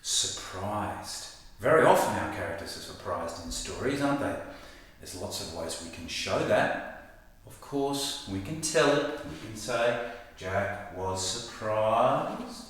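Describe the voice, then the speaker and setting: A man teaching children a writing lesson, speaking in an animated way and addressing the kids directly. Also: fairly low pitch, unhurried. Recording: echoey room, mic at a distance.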